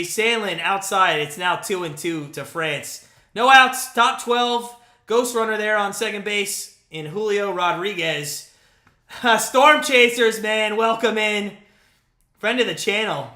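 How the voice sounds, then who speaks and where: A man in his late thirties doing live fan play-by-play, excitable and out of breath, swinging between hyped calls and grumbling. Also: high-pitched, roomy sound. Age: 30s. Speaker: live stream play-by-play host.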